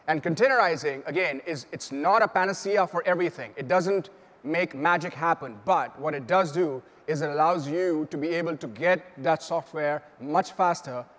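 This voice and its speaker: A man with a fairly high voice presents a keynote in a large conference hall. He explains earnestly and often stumbles over fillers and restarts. A long reverb trails each phrase. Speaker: keynote speaker.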